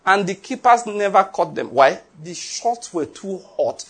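In an unhurried, high-sitting voice, a pastor delivers an animated sermon of stories and rhetorical questions for the congregation. A little hiss or hum can be heard.

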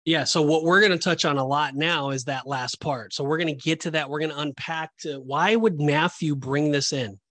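A man co-hosting a Christian podcast, explaining Bible passages in an emphatic, animated, conversational way. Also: on the high side, normal speed, hardly any pauses, dry recording. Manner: animated, emphatic, acts out reactions. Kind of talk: casual Bible teaching discussion.

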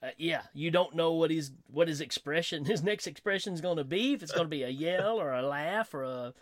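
High-voiced, animated man, dry close sound. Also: brisk, dry recording. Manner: animated, laughing, acts out quotes. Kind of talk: casual chat about comedy films.

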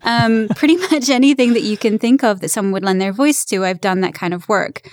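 A young adult woman, English-born, talking in an American accent with British traces, chatting lively as an interview guest. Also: mid-range voice, a little fast, dry recording, studio quality. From England. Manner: lively, chatty, laughs easily. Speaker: voice actor guest. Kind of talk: casual interview chat.

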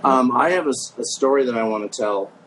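A man's voice: mid-range voice, a little fast, fairly bright tone, slight background noise, poor audio. A man hosting a podcast, telling a story in a rambling way with many fillers. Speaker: podcast host. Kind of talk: casual storytelling.

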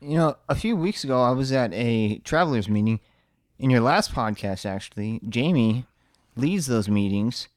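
A man's voice: mid-range voice, lively intonation, normal speed, dry recording, clean studio sound. A man telling rambling stories in casual podcast chat, laughing at his own jokes.

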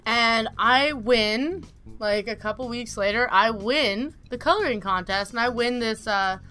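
A woman in casual podcast chat, telling a childhood story with animated energy. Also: on the high side, a little slow, clear, resonant tone, faint music behind.

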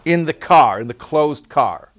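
A man teaching a religious text class, telling a story in a lively, anecdotal way and putting questions to his students. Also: a little high, unhurried. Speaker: Torah teacher.

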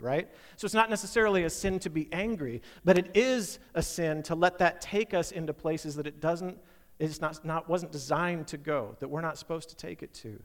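A man's voice: high-pitched, a bit bright, big-room sound. A male pastor preaching a conversational sermon, asking his listeners many questions.

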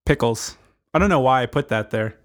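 A man's voice: mid-range voice, expressive, fairly quick. A man co-hosting a casual comedic chat, rambling into goofy digressions with lots of fillers. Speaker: podcast co-host.

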